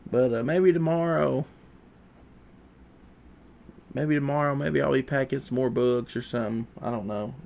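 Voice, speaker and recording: A man hosting his own livestream, chatting in a relaxed, rambling way about packing orders. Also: mid-range voice, vocal fry, a little hiss or hum. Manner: rambling, relaxed, with fillers and folksy asides. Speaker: livestream host. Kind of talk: casual chat while packing orders.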